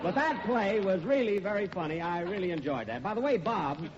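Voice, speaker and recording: A male host delivers dry, deadpan comebacks in a slightly high voice that moves around a lot. The audio is a dull 1941 radio broadcast with clear hiss. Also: a little fast. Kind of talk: scripted radio comedy hosting.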